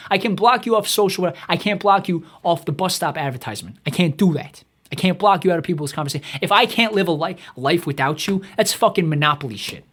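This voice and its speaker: A man delivering a profane comedic rant in a rapid, exasperated, swearing tirade. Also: high-pitched, fairly bright tone. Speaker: comedic ranter.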